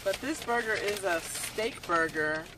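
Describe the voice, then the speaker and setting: A woman's voice: mid-range voice, unhurried. A woman vlogging casually with her daughter over a meal, chatty and teasing. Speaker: vlogger mother. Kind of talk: casual chat. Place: restaurant. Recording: noisy restaurant, distant phone mic.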